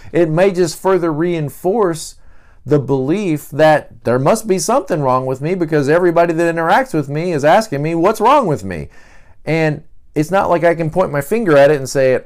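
A man's voice: fairly high pitch, lively intonation, moderate pace, a little mellow. A man hosting a podcast, explaining a personality type in a loose, conversational way, with many fillers and restarts. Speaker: podcast host. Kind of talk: casual teaching talk.

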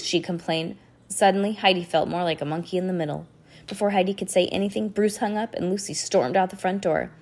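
A woman's voice: lowish voice, moderate pace, gravelly, a little mellow, husky. A woman who is a little sick reading a children's chapter book aloud and chatting about the story between passages. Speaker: reader.

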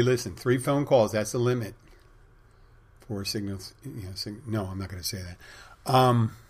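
A man hosts his own podcast, telling stories in a loose, rambling way full of fillers. His voice sits on the low side and has a breathy, husky edge. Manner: rambling storyteller with many fillers. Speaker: podcast host; bartender and spin instructor. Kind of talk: casual monologue.

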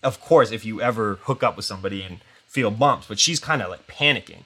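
A young man tells a story on his podcast in a loose, rambling way, leaning on "like" at every turn. He slips into quick quoted voices as he goes, keeping the telling animated. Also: on the low side, husky. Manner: rambling, filler-heavy with constant "like". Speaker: podcast host. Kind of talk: casual storytelling.

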